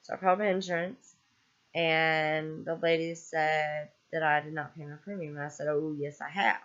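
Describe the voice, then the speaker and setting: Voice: mid-range voice, little pitch movement, normal speed, fairly bright tone, highs cut off. A vlogger ranting in a casual, exasperated way, rambling with lots of ums and swearing freely. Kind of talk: casual vlog rant.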